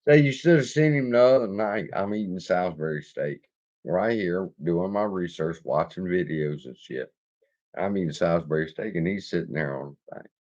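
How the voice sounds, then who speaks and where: Male host, lower voice, loose profane storyteller who laughs a lot; muffled lo-fi sound. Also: a little mellow. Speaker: investing channel host. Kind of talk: casual storytelling livestream.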